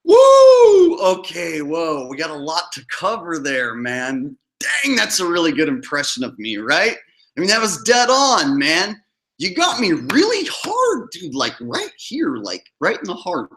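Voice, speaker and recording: A man's voice: mid-range voice, bright, forceful tone. Sarcastic, mocking male host. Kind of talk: reaction commentary.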